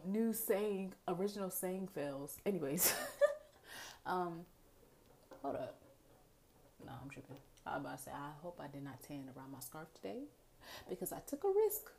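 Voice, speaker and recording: Young woman, casual storytime vlog, chatty and animated, indoors at home. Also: mid-range voice. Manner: animated, chatty, addresses viewers directly; dramatic asides and quoted self-talk. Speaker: vlogger. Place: indoors at home, near a window with rain outside.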